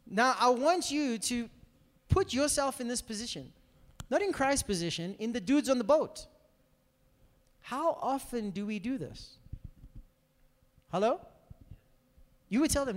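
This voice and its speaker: A lively, high-voiced man preaching to a room, his pitch swinging up and down as he acts out the people in his story. He keeps checking in with the listeners. The sound carries a long reverb from the hall. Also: unhurried, long pauses. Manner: animated, acts out quoted dialogue, asks the room questions. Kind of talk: sermon. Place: church hall.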